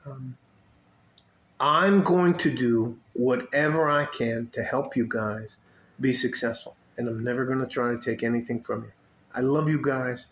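A man's voice: mid-range voice, a little slow, a bit bright. A man from West Texas in a casual, joking, rambling talk to camera, drifting off topic as he goes. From West Texas, USA. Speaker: vlogger. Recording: roomy echo with faint noise.

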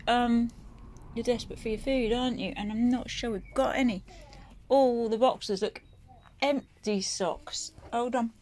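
Woman sweet-talking a cat, slow. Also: on the high side, steady tone, a little mellow, a little hiss or hum. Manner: coaxing, fond pet talk. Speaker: vlogger feeding a feral cat. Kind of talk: casual chat to a pet.

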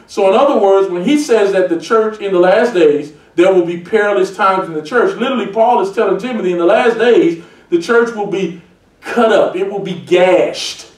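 A man preaching a sermon as a pastor, emphatic and building to shouted points. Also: high-pitched, normal speed. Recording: echoey church heard from a distance.

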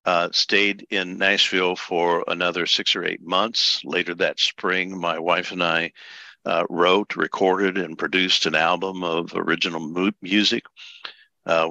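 Low gravelly-voiced older man. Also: pushed and bright, no echo, low-quality recording. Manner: unhurried anecdotal storytelling with fillers. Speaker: podcast guest, pastor. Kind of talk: storytelling interview.

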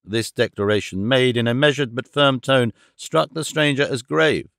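A man narrating a classic novel audiobook in an even, steady storytelling manner. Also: mid-range voice, normal speed, creaky, no room sound, studio quality.

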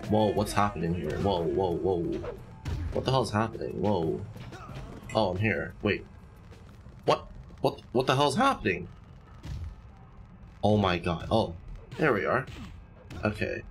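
A man's voice: sits low, expressive, unhurried, long pauses, soft background music. A man hosting a casual let's-play, reacting aloud with lots of exclamations and slang. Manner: exclaiming, slangy, says "bro" often. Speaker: gaming channel host.

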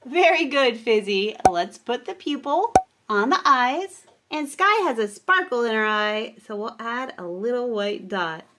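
A woman hosting a children's toy show, narrating playfully in a gentle, patient teaching tone. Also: fairly high pitch, animated, a little slow, a little hiss or hum.

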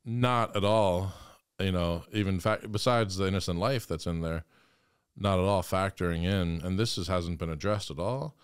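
A man's voice: low-pitched, normal speed, smooth, no room sound, clean studio sound. A man, a priest, talking earnestly and with passion in an interview. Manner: earnest, impassioned storytelling. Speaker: guest priest. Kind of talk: conversational interview.

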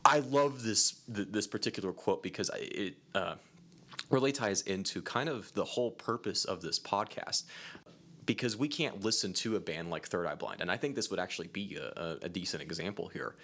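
A man's voice: sits low, moderate pace. A man co-hosting a casual podcast, chatting animatedly and reading a long passage aloud. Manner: animated, lively, reads a long quote aloud. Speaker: podcast co-host.

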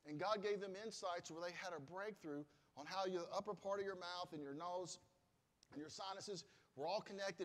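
A man preaching a sermon as pastor, speaking emphatically, building to loud exclamations and leading his congregation in call-and-response. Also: sits high, big-room sound. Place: church sanctuary.

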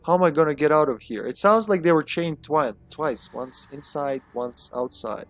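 A man's voice: fairly high pitch, normal speed, fairly bright tone, faint music behind. Joking, cursing male game streamer. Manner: joking, swearing, reads on-screen text aloud. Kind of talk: casual gameplay commentary.

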